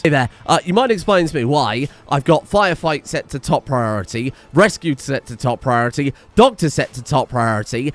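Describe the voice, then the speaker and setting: A young man commentating a game, ranting at his characters in an exasperated, sarcastic, sweary way. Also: fairly high pitch. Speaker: gaming streamer. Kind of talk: let's play commentary.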